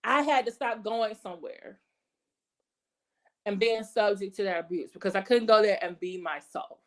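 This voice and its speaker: A woman's voice: medium pitch, normal speed. A woman hosting her own channel, talking in an emphatic, conversational way and often checking in with "okay" and "right". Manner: emphatic, repeats "okay" and "right", acts out quoted voices. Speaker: channel host. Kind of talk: casual commentary monologue.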